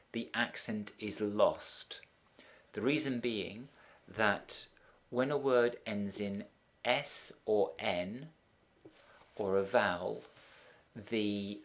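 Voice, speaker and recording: Methodical man with a low voice. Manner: methodical, with frequent ums and restarts. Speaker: Spanish teacher. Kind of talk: explaining a translation step by step.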